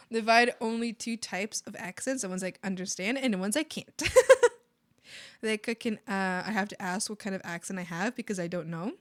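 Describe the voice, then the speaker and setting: A woman's voice: mid-range voice, normal speed, pauses often, a bit bright, no echo. A Canadian woman from the Maritimes chatting casually on a live art stream, bubbly and giggly, rambling with lots of fillers.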